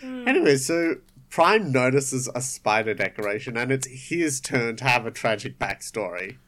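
A man's voice: mid-range voice, very animated, normal speed, a bit bright. Man, podcast co-host, wry, rambling casual recap. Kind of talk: casual chat.

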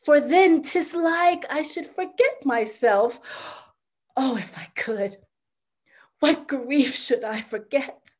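Grieving noble mother, impassioned and desperate, slow deliberate delivery. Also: sits high. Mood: anguished. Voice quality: impassioned, swinging from loud cries to hushed whispers. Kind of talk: classical stage drama.

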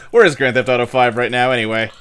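A man's voice: medium pitch, fairly bright tone, clean tone. A man hosting a podcast in casual chat, rambling, with loose fillers and casual swearing. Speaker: podcast host.

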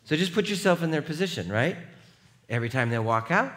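A man preaching a sermon as pastor, animated and emphatic, and rallying the congregation. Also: fairly high pitch, fairly quick.

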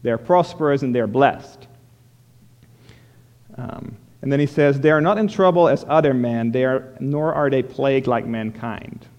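A man's voice: mid-range voice, unhurried, a little mellow, highs cut off. Man preaching in a reverberant hall. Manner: expository, explains verse by verse with restarts. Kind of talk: sermon.

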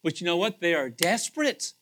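A man preaching a sermon in a conversational, animated way, repeating himself and swinging between loud emphasis and quiet asides. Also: sits high, fairly quick. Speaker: pastor.

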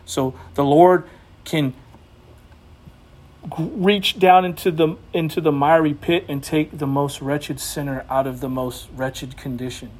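A man's voice: fairly high pitch, unhurried. A man preaching an informal sermon in a conversational way, getting emphatic at times. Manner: conversational, emphatic, rising to animated exhortation.

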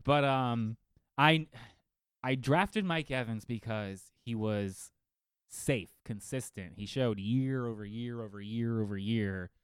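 Man, casual podcast chat, animated, profane, smooth voice, dry sound. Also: mid-range voice, takes it slowly, dry recording. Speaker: fantasy football podcast co-host. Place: home studio living room.

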